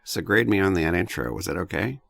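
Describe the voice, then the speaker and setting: A man hosting an interview podcast, speaking in a friendly, halting way with frequent self-corrections. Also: sits low, very animated, vocal fry, a bit bright, no echo, clean studio sound. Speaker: podcast host. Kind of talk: casual interview chat.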